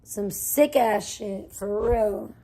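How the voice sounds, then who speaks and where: A woman livestreaming, ranting in a profane, defensive way that swings between muttering and loud outbursts. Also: mid-range voice, takes it slowly. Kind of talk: casual livestream rant.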